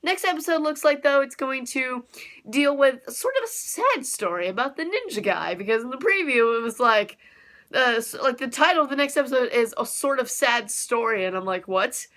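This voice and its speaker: Bright, giggly young woman reviewer. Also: high-pitched, lively intonation, normal speed. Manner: gushing, giggly, with frequent laughs and fillers. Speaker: anime reviewer. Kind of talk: casual video review.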